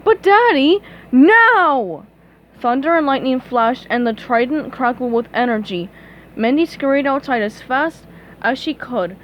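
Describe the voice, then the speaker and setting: A woman's voice: fairly high pitch, normal speed, lo-fi sound, slight background noise. A young woman reading a storybook aloud steadily and fixing small slips as she goes. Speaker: reader.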